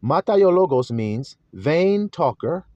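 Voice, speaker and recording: A male preacher teaching a sermon with a lively, swooping delivery, chanting words over and over and pressing his listeners with questions. His voice sits a little high for a man. The recording is dull and lo-fi, with a dry, close sound. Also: unhurried, dry recording. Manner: repetitive chanting emphasis, rhetorical questions to the flock.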